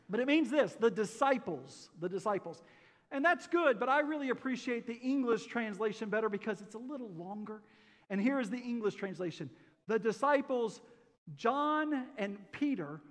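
A male pastor with a fairly high voice, preaching a folksy, joking sermon. He keeps asking the congregation questions. His voice carries the long reverb of a church sanctuary. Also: a bit bright.

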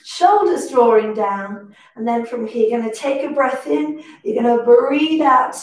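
Young female pilates teacher, high voice, slightly out of breath, heard from across a very reverberant room. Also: a little slow. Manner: breath-cued, encouraging counting. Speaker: pilates instructor. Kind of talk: guided workout instruction. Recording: echoey room, distant mic.

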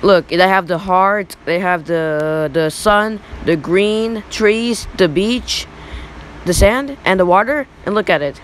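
A young male YouTuber in his teens giving rambling, excitable reaction commentary over old photos. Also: sits high, slow, slight background noise, poor audio. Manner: rambling, excitable, repeats "look".

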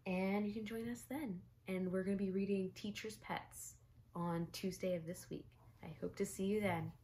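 A woman teacher reading a picture book aloud to children, expressive and stopping to ask her listeners questions. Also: medium pitch, moderate pace, slight background noise. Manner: expressive, asks listeners questions, gasps for effect.

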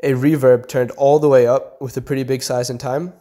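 A mellow young man with a mid-range voice talks fairly quickly and flatly, showing how he builds a beat. It's a casual tutorial voice-over from a beat producer, laid-back and step by step, full of "kinda" and "like," with a beat faintly audible behind his voice.

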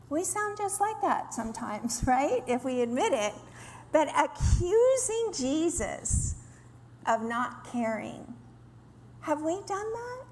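This women's ministry speaker has a high-pitched voice and takes her time, delivering an earnest, instructive sermon to a women's gathering. She sometimes performs quoted grumbling in animated voices, recorded in a roomy hall with faint ambience and a little hiss or hum.

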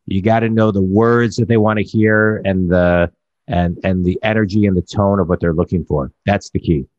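A man's voice: low voice, steady tone, normal speed, darkish tone, no room sound, dull audio. A man talking as a business coach in a casual podcast conversation, rambling and restarting his phrases.

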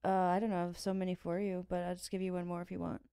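Female podcast co-host, rapid talker, crude deadpan humor. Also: lowish voice, clear, resonant tone. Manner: quick, crude deadpan quips. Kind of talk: casual chat.

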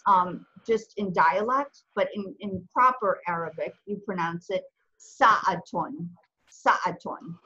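A woman's voice: mid-range voice, bright, forceful tone, slight background noise. A woman teaching an online language lesson, explaining each step patiently. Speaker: Arabic teacher. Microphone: video call. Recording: muffled video call audio.

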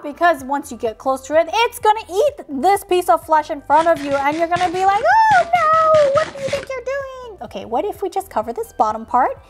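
A woman hosting a toy unboxing video, narrating in a silly, playful way and making sound effects. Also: high-pitched.

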